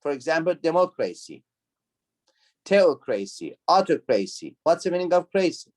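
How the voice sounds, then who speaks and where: A male university lecturer with a fairly high voice and large pitch swings teaches an online class over video call at a moderate pace. He keeps repeating key words, poses questions to the students, and his phrasing is non-native.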